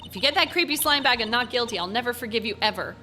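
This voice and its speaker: A woman voicing a hot-tempered young woman in a game, scolding in a quick, clipped way. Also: on the high side, expressive, bright, forceful tone, soft background music.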